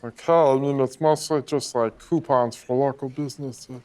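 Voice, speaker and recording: A man's voice: medium pitch, steady tone, moderate pace, a little mellow, slight background noise, lightly acted. A man playing a weary, heavyset small-town newspaper editor who sighs and sounds unimpressed. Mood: deadpan. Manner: sighing, unimpressed.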